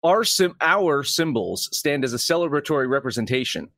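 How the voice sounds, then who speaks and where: Male podcast co-host, mid-pitched, lively delivery, dry sound, rambling and profane. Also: moderate pace, dry recording. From Irish heritage. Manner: animated, swearing, rambling with restarts. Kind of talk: casual sports betting chat.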